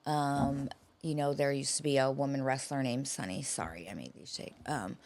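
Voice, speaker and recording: A woman's voice: very deep voice, moderate pace, darkish tone. A woman co-hosting a podcast, telling a long story in a profane, rambling casual chat. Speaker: podcast co-host.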